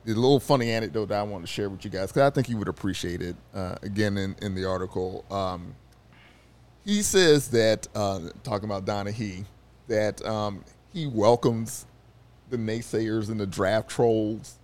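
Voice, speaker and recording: A man's voice: fairly low pitch, moderate pace. A man, a newspaper hockey reporter, talking casually in a studio, chatty and full of fillers, getting livelier when he tells a story. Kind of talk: casual sports chat.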